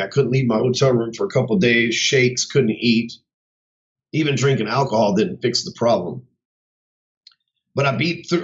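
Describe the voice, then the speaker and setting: A man talking off the cuff in his office, blunt, profane and swaggering. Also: mid-range voice. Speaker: host of his own show. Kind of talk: casual unscripted monologue. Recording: dull muffled sound.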